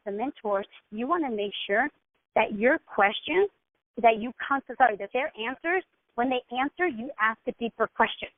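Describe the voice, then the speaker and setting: A woman mentor talks her team through how to run a session, direct and instructive, checking in with "okay?" after each point. Her voice sits a little high. It comes through a narrow, phone-like line with no room echo. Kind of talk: coaching instruction.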